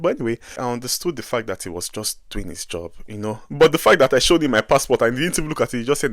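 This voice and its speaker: A young man with a Nigerian accent, telling a travel story in a casual vlog, animated and exasperated, with many asides. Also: mid-range voice, fast talker, no room sound, clean studio sound. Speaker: vlogger.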